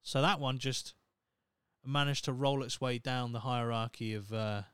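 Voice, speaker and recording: A man's voice: medium pitch, fairly even intonation, a little slow, fairly bright tone, clear, resonant tone, dry recording. Profane, rambling Norfolk man in his thirties. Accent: Norfolk English. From Norfolk, England. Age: 30s. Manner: rambling, profane, self-mocking. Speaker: podcast host. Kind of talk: casual solo podcast monologue.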